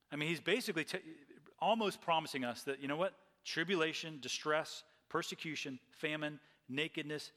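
A man's voice: fairly high pitch, sharp tone, long reverb tail. A man preaching a sermon as pastor, earnest and often repeating phrases.

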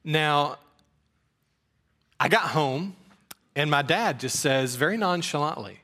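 A middle-aged man from preaches in a bright, forward voice pitched a little high. He tells folksy, self-deprecating stories from his own life. The delivery stays relaxed and conversational. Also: takes it slowly, long pauses. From rural Georgia, US. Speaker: pastor. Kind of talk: sermon with personal stories.

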